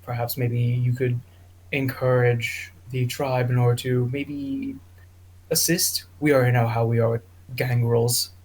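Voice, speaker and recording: A man's voice: medium pitch, little pitch movement, unhurried, darkish tone, natural voice. A man playing a confident vampire ally. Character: scheming male vampire ally. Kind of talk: tabletop role-play in character.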